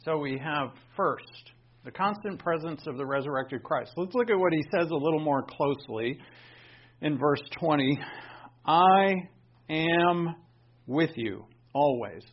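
A man preaching a sermon in a fairly high voice, full of animated swings between emphatic bursts and quiet asides. The recording sounds dull and lo-fi. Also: normal speed, husky. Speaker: pastor.

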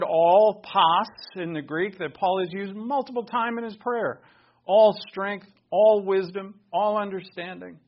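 A pastor preaching a sermon, emphatic and full of rhetorical questions. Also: male voice, high-pitched, dull audio.

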